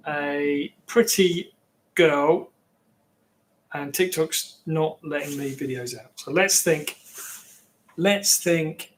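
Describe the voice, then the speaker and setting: A man's voice: a little high, takes it slowly, long pauses. A man from England with an English accent, rambling casually as he chats with viewers on his livestream. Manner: rambling, chatty, reacting to viewers. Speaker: livestream host.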